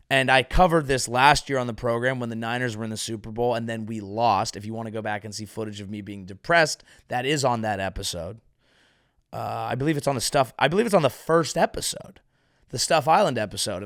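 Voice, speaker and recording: A man from California delivering a rambling, sarcastic comedic monologue as host, veering from mumbled asides to loud outbursts. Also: medium pitch, no echo, clean studio sound.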